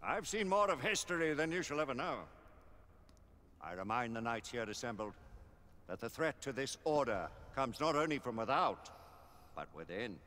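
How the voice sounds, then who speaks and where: A grave, imperious Lord Chancellor in a video game cutscene, his voice rising and falling widely as he lays down the law. His measured, commanding delivery carries a long hall-like reverb. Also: medium pitch, big pitch swings, sharp tone. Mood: stern. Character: stern aging Lord Chancellor presiding over a knightly council.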